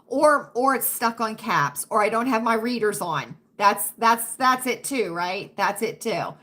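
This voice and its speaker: A bright, fairly high-pitched woman from the United States hosts a livestream chat, talking slowly and unhurriedly. She keeps checking in with "right?" and now and then sinks to a hushed whisper, as if telling a secret. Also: lively intonation. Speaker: livestream host. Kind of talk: casual chat with live viewers.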